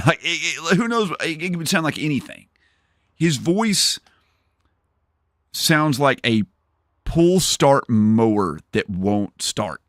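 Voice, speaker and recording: A man's voice: medium pitch, fairly bright tone, no echo, clean studio sound. A man streaming a video game, chatting casually and joking with his viewers, laughing often. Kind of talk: casual live-stream chat.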